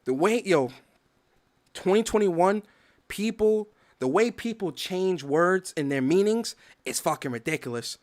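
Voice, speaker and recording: High-voiced man ranting on a gaming podcast. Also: expressive, measured pace. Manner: heated, profane, reads definitions aloud. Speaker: podcast host. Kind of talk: gaming commentary rant.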